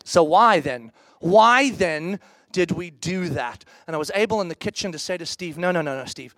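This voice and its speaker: Middle-aged male pastor, very high voice, dry close sound, candid storytelling sermon. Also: moderate pace, no room sound. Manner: candid, animated, acts out quoted reactions.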